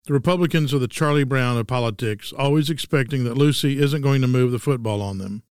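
Man in his 60s, texan accent, wry scripted host, smooth resonant voice, dry close sound. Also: medium pitch, brisk, no echo. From Texas. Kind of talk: scripted monologue.

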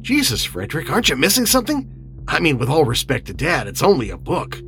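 A man's voice: on the high side, wildly swooping pitch, quick pace, a bit bright, faint music behind, pitched above the performer's own voice, heavily acted. A man reading an audiobook, voicing a blunt, sour-tempered grown son who speaks in a dismissive way.

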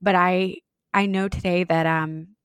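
A woman's voice: on the low side, steady tone, unhurried, clear, resonant tone, dry recording. Sincere thirties woman guest, reflective, lots of "um, you know", dry room. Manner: earnest, reflective, many fillers. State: briefly tearful. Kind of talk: heartfelt podcast conversation.

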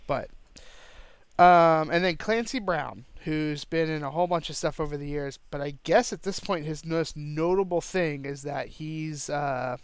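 A man co-hosting a podcast, chatting casually about movies in a relaxed, jokey way with plenty of fillers. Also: a little high, measured pace, smooth, no echo. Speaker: podcast co-host.

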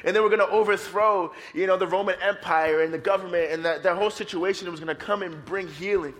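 High-voiced energetic male preacher. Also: quick pace. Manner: energetic, playful preaching, leads congregation in song. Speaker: pastor. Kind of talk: sermon.

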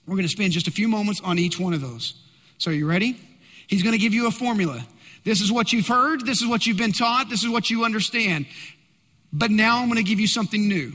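High, bright-voiced preacher in a hall. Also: male voice, fast. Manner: animated preaching, swings from shouting to hushed. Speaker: pastor. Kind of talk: sermon.

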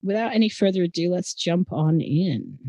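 A woman's voice: lowish voice, animated, normal speed, mellow, no room sound. A woman with an Australian accent, co-hosting a true-crime podcast and explaining the story in an earnest, conversational way. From Adelaide, South Australia. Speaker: podcast co-host.

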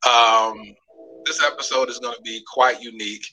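A man's voice: medium pitch, steady tone, moderate pace, bright, forceful tone, a little hiss or hum, low-quality recording. A man hosting a relationship podcast in a studio, asking coaxing questions and leading a prayer in an earnest, pastoral way. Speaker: podcast host.

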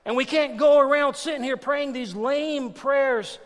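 A man preaching a sermon as a pastor, animated and joking, swinging from loud exclamations to hushed asides. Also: very high voice, measured pace, few pauses, long reverb tail.

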